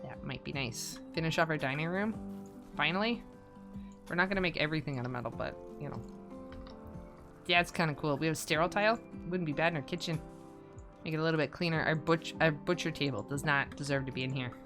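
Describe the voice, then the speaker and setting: A woman's voice: low voice, fast talker. A woman streaming a colony game live, chatting casually, thinking aloud and repeating herself, over faint music.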